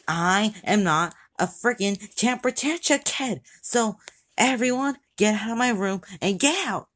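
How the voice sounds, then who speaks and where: A woman voicing a bratty young logo character in a whiny tantrum, shouting rudely in an amateur skit. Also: rumbling low, lively intonation, moderate pace. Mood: angry tantrum.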